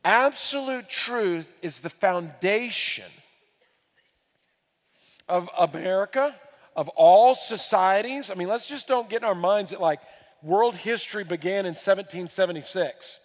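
A male pastor preaching a sermon with a high-pitched voice that carries a long reverb through a large church hall. He hammers home repeated phrases, dropping to a hush and then rising loud again. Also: a little slow. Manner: emphatic preaching, repeats key phrases, swings from hushed to loud.

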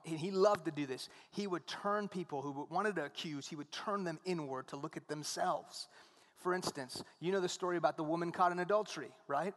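High-voiced man preaching a sermon. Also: fairly bright tone, long reverb tail. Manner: conversational preaching, asks the congregation "right?". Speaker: pastor.

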